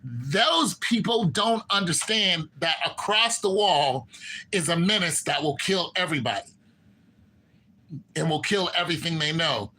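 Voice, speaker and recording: A man's voice: a little slow, low-quality recording. A man casually recapping and giving his opinion on a TV finale, animatedly acting out characters' lines. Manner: animated, acts out characters' lines with shifts in pitch. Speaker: TV show commentator.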